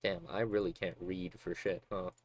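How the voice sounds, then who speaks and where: A man with a fairly low voice on a casual game livestream. He reads the story out, then breaks off into crude, joking asides and laughs at his own stumbles. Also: level tone, normal speed. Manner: joking and profane, laughs at himself. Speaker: streamer.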